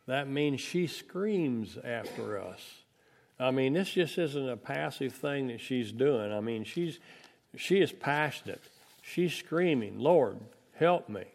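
A man teaches a Bible lesson in a relaxed, folksy sermon style. His voice is gravelly at mid pitch. He slips into quoted voices to act out the story. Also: slow pace. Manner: conversational, folksy, acts out voices of disciples.

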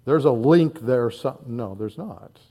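A man's voice: medium pitch, expressive, slow pace, warm tone. A man in his sixties from northern Indiana, preaching a sermon in an earnest, conversational way with frequent fillers and repeated words. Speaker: pastor.

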